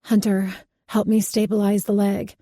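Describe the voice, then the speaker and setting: A woman voicing a practical young nurse who talks in brisk, direct questions and orders. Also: medium pitch, little pitch movement, warm tone, dry recording, studio quality, close to an everyday voice.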